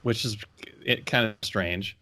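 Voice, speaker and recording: A man's voice: on the low side, a little slow, sharp tone. A man co-hosting a fan podcast, talking thoughtfully with hesitant restarts and wry jokes. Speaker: podcast co-host. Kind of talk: casual fan discussion.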